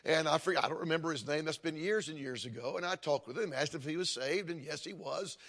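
An older man preaching a sermon, telling stories and building to emphatic, forceful points. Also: on the high side, fast. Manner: storytelling preacher, rising to emphatic calls. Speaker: pastor.

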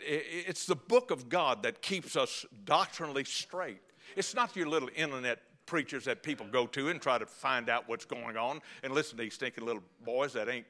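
A man with a drawl delivers a Baptist sermon in church. His voice rings bright and edgy, swinging between fiery preaching and folksy wisecracks. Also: mid-range voice. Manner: fiery, folksy, joking asides. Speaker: Baptist pastor. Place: church before a congregation.

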